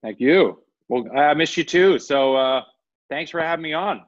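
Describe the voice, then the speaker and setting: A male musician guest talking in a relaxed, self-deprecating way in a casual interview over a video call. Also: a little high, normal speed, dry recording. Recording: dull, dry video-call audio.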